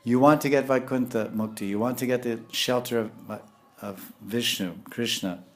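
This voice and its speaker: A man preaching a spiritual sermon in a lively, animated way, chuckling now and then as he explains. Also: medium pitch, normal speed. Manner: animated, lapses into scolding voices when quoting; frequent chuckles and restarts. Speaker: spiritual teacher.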